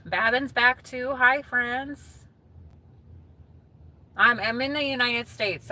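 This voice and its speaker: A woman's voice: a little high, animated, a little slow, loud music behind the voice. A woman chatting casually with viewers on a live stream, reading their comments aloud and laughing often.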